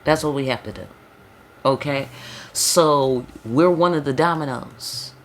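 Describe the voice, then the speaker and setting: A woman's voice: sits low, unhurried, slight background noise. A woman giving a casual spiritual tarot reading, talking loosely in slang, with frequent emphatic check-ins to her listeners. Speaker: tarot reader.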